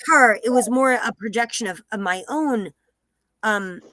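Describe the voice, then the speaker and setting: A woman's voice: a little high, a little slow, pushed and bright, dry recording. A woman from New Jersey sharing her own situation in a rambling way, full of fillers and restarts. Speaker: group participant sharing personally. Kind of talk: candid personal sharing.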